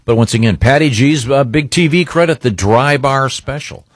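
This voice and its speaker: Husky-voiced man hosting radio banter. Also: medium pitch, moderate pace, no echo, studio quality. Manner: teasing, steers the segment. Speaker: radio show host. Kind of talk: casual studio banter.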